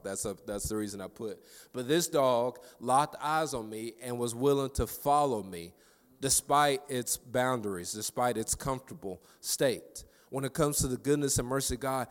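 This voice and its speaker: A man giving a devotional sermon, telling a lively story from his day and building into fervent preaching. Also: medium pitch, normal speed, long reverb tail. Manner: conversational, animated storytelling building to preaching fervor. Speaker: devotional speaker.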